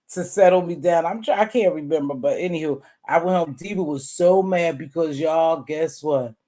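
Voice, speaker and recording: A middle-aged woman hosting a live chat, telling a story in a casual, animated way, laughing and swinging from loud to soft. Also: sits low. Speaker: livestream host.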